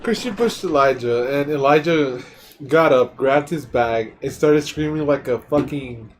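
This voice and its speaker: Giggly young man, slow and noisy. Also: mid-range voice. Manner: giggly, jumps in with side stories. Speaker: podcast guest. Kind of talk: casual chat. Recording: noisy background.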